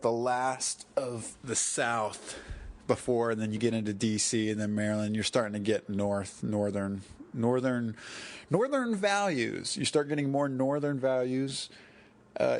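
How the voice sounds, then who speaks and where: A man hosting a solo podcast, talking in a rambling, digressive way, correcting himself and drifting off topic. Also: mid-range voice. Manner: digressive, self-correcting, chuckling asides. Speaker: podcast host.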